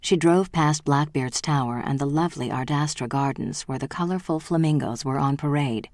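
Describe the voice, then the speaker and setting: An audiobook narrator reading a novel in an even, measured way. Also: mid-range voice, no room sound, clean studio sound. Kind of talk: scripted narration.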